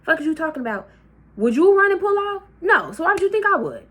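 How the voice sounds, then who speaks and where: A woman's voice: very high-pitched, big pitch swings, fast, voice pushed up, exaggerated voice. A woman voicing a furious aunt who curses and threatens over the phone in a raised, challenging voice. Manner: loud, profane, challenging.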